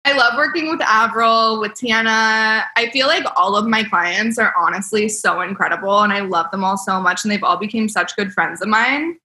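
A woman's voice: mid-range voice, normal speed, few pauses, sharp tone. A young woman, a makeup artist, telling stories in casual podcast chat, bubbly and laughing often, full of "like". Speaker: celebrity makeup artist guest. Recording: roomy echo.

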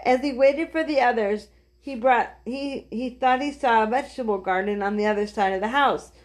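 A woman reading a children's book aloud gently, with small slips. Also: fairly high pitch, moderate pace. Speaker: storyteller.

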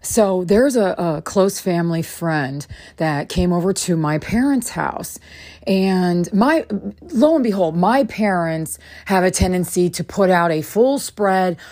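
A woman hosting a podcast, telling a personal story in a casual, animated way and acting out the dialogue. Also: lowish voice. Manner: animated, acts out dialogue with quick bursts. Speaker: podcast host.

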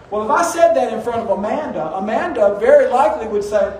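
A man preaching a sermon in a high, bright voice, acting out quotes and pushing his points with rising emphasis. He sounds a little away from the mic, and the church around him rings with echo over a faint hiss. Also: animated, a little fast, hardly any pauses, far from the mic. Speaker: pastor. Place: church sanctuary.

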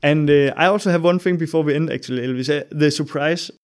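A man's voice: a little high, quick pace. A man with a Danish accent talks as a guest on a podcast, easygoing and a little hesitant. His English comes with ums and restarts, but he sounds friendly throughout. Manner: friendly, loose, hesitant with fillers. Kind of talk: casual interview chat.

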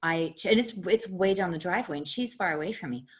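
Woman cohost rambling thru a story, lotsa swearing, kinda low voice, jumps all over the place. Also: quick pace, breathy edge. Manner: animated, profane, laughs often. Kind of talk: casual storytelling chat.

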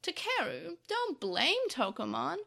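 Lady doing a sly sneering devil guy, fake sweet, bright high voice. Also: huge pitch swings, slow, creaky, full character voice. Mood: mocking. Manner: sneering, faux-innocent. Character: sly mocking male devil creature, smug and false.

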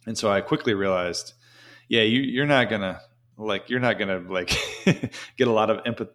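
A man's voice: fairly low pitch, normal speed, a bit bright. A man telling a casual, rambling story as an interview guest, with many "you know" fillers.

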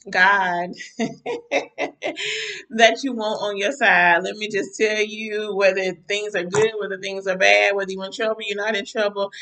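A woman minister and podcast host preaches a devotional talk to a live audience, piling up fervent, repeated phrases of praise. Her mid-range voice has a bright, forceful edge but sounds tired and mentally worn down, with little pitch movement and an unhurried pace. The mic is distant and the audio poor.

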